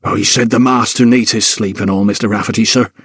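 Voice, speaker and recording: A man's voice: fairly low pitch, steady tone, fast talker, breathy edge, no room sound, studio quality. A man voicing a smug, broad-shouldered male household servant who mutters and needles the others. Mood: placating.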